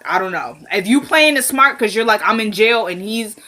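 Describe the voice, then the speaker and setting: A chatty woman recapping a drama episode for her viewers. She has a bright, forceful voice and retells each scene with "he was like" and plenty of her own asides. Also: mid-range voice, animated, moderate pace. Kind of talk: casual episode recap and commentary.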